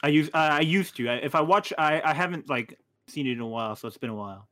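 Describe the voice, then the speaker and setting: Young man, lively teasing co-host. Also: fairly high pitch, fast, no room sound, clean studio sound. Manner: teasing, deadpan jokes. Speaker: podcast co-host. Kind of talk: casual chat.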